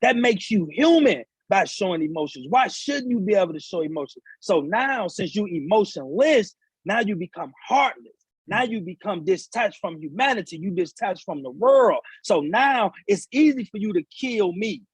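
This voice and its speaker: A guest author and speaker, an adult father of seven sons, preaches about manhood in impassioned podcast talk. His husky, high voice has lively intonation at normal speed, repeating himself as he rises to emphatic peaks. The recording is rough but has no echo.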